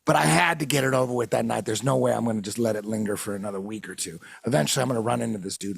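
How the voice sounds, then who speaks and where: On his podcast, a fast-talking man tells a lengthy, profanity-laced story in a loose, rambling style, breaking into frequent laughter. His mid-range delivery is expressive, with vocal fry and a slightly rough edge. The recording is dry.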